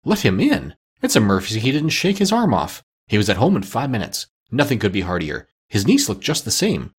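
Husky, lively male storyteller. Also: on the low side, fairly quick, few pauses. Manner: lively, expressive reading. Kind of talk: storybook narration.

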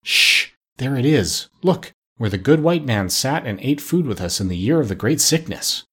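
A man voicing a monkey mother in a storybook reading, whispering slowly to her children. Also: mid-range voice, very animated, slightly rough. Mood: hushed. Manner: whispering, slow, hushed.

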